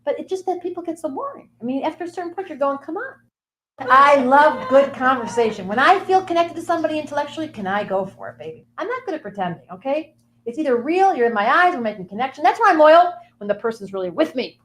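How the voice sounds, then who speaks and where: A woman guest rattling off a chatty comic monologue at a quick clip, her voice leaping all over the place. She rambles playfully, tossing in sing-song little asides, and sits a bit high in pitch. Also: expressive. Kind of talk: comic monologue in character of a sun sign.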